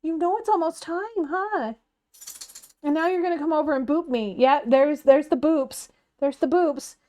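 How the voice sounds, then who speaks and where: A woman's voice: sits high, moderate pace, dark tone, dry recording. A woman in her thirties chatting casually as she plays a game on a live stream, thinking aloud from her computer at home. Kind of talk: casual live gameplay chat.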